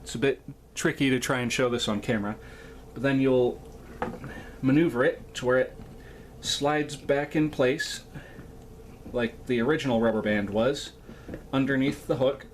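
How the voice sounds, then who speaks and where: A man hosting a hands-on repair tutorial, explaining each step in a relaxed, folksy way. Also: mid-range voice, moderate pace, long pauses, a little hiss or hum. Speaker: toy repair host and ventriloquist.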